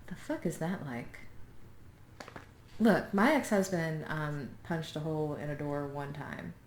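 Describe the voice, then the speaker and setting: Slow, joking young woman. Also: deep voice, a little mellow. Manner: chatty, joking asides between readings. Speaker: vlogger reading a book aloud. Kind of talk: casual vlog with read-aloud passages. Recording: echoey home room, faint background noise.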